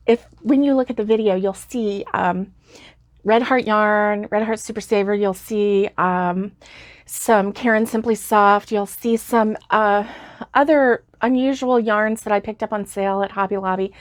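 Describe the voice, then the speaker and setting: A woman's voice: mid-range voice, no room sound. Sleepy fifty-something woman rambling and giggling about her craft room, dead dry sound. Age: 50s. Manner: rambling, giggly, full of fillers and asides. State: sleepy, yawning. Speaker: crochet vlogger. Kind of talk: casual chat to viewers.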